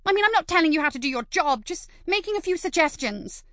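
A woman's voice: very high voice, animated, fast talker, fairly bright tone, no room sound, clean studio sound, pitched above the performer's own voice. A woman doing a hot-tempered, defiant teenage girl. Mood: mocking. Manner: cheeky, angry back talk.

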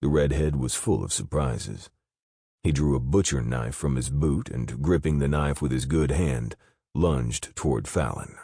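A man narrating an action novel in a steady, measured storytelling voice on a close studio mic. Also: rumbling low, breathy edge, dry recording. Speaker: audiobook narrator.

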